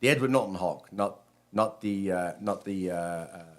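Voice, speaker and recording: A man's voice: sits low, normal speed. Rambling man giving a casual spiritual talk. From Britain. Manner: rambling, conversational, frequent restarts. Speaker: rabbi.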